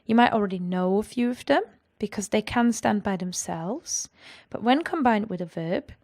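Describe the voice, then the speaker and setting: A woman explaining grammar in a clear, patient lesson. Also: mid-range voice. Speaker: language teacher.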